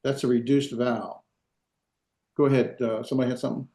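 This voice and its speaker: A man lectures to a class in a roomy, echoing space, his voice at an average pitch. He halts and restarts, fills gaps with "uh," and throws in dry asides. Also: level tone, dark tone. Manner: halting, many fillers and restarts, dry asides. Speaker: Hebrew teacher. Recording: echoey classroom.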